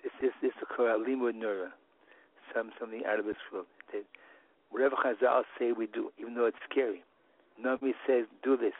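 Husky man over a phone-like line. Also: mid-range voice, fairly even intonation. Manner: halting and repetitive, many restarts. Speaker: religious teacher. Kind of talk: Torah lesson.

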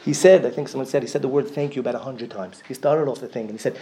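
A man with a Yeshivish English accent giving a sermon, telling a story with strong swings from loud emphasis to a near whisper. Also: mid-range voice, very fast, few pauses. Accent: Yeshivish English, Yiddish and Hebrew words. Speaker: rabbi giving a talk.

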